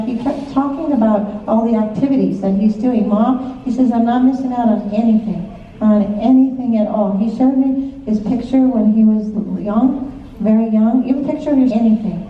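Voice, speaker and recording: A woman working as a psychic medium, giving live stage readings to an audience in a chatty way, laughing often and checking in with short questions. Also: fairly high pitch. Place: large hall with a live audience. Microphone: audience member's phone recording from the seats. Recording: echoey hall from far off, muffled, faint noise.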